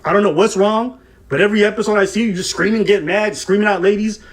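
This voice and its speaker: A high-pitched, fast-talking man co-hosts a reaction show, delivering heated commentary. He's animated, mocking, and profane, laughing at the people he targets.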